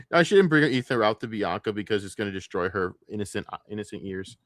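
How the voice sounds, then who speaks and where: A man's voice: lowish voice, moderate pace, a bit bright, no echo, studio quality. A man streaming alone, rambling in casual talk with a lot of swearing, trailing off and laughing to himself. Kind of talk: casual solo livestream rant.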